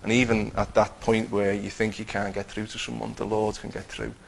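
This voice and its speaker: A man's voice: lowish voice, level tone, fairly quick, gravelly, a little hiss or hum, poor audio. A man telling a personal faith testimony in a conversational way, acting out what he and others said. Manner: conversational, acts out his own quotes, many restarts.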